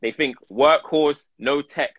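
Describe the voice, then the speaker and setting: A man hosting a casual interview, asking questions with relaxed, slangy remarks. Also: fairly high pitch, slow, dry recording, phone-quality sound. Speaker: podcast host, interviewer.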